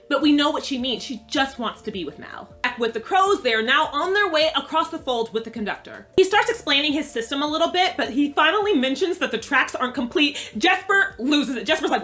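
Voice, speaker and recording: A woman's voice: high voice, expressive, brisk, few pauses, sharp tone, faint music behind. A woman giving a casual, chatty recap of a TV episode, laughing often and using slangy, profane asides. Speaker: TV recap reviewer.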